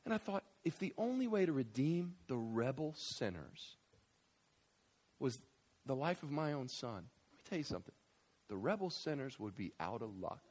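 Man in his thirties preaching, lively and chatty with asides, mid-range voice. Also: moderate pace. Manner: animated preaching with big swings in loudness and pitch; conversational, with frequent fillers and asides. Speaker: visiting pastor. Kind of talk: sermon.

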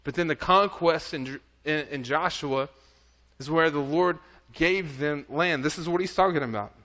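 Earnest preaching man with a higher voice. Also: moderate pace, a bit bright. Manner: earnest preaching, reads scripture aloud and exhorts. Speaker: pastor. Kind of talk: sermon. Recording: audio recording of a church service.

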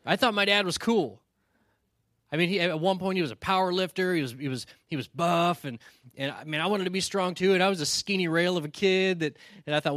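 A man's voice: high-pitched, normal speed, a bit bright, no room sound, clean studio sound. A male pastor giving a sermon in a conversational, storytelling way, often checking in with "right?" and earnestly challenging his listeners.

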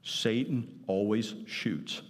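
In a church sanctuary with a long, reverberant echo, a pastor with a lowish, steady voice preaches slowly. He's emphatic, repeating key phrases and asking the congregation questions.

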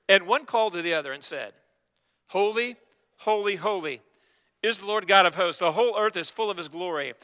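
A man's voice: high-pitched, sharp tone, long reverb tail. A man preaching a sermon as pastor, emphatic and calling out to his congregation for responses. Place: church sanctuary.

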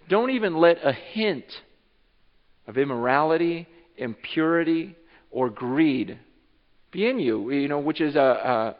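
Animated male pastor preaching in a reverberant hall. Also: high-pitched, lo-fi sound. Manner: animated, acts out imagined speech of listeners. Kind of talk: sermon. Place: church sanctuary.

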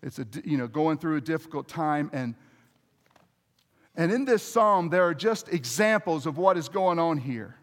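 A man's voice: a little high, expressive, moderate pace, in a large hall. A man preaching a sermon to a congregation, talking in a conversational way with restarts and asides to the listeners. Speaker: pastor.

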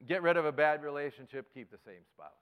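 A male pastor giving a sermon, telling a story with sudden swings between loud and hushed delivery. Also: on the high side, lively intonation, quick pace, smooth, highs cut off. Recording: long hall reverb.

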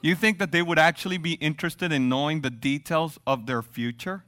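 Bright-voiced animated male preacher. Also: on the high side, fairly quick. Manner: animated preacher, acts out quoted voices with humor. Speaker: pastor. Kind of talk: sermon.

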